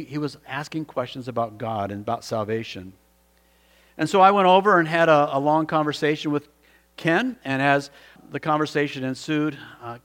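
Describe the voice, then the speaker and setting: A man's voice: medium pitch, fairly bright tone. A man preaching a sermon as pastor, telling a story in an earnest way and often restarting his sentences. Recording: long hall reverb.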